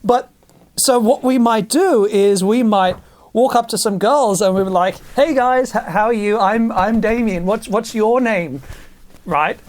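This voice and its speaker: Animated man telling stories in a casual monologue. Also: high voice. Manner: animated storytelling with many restarts.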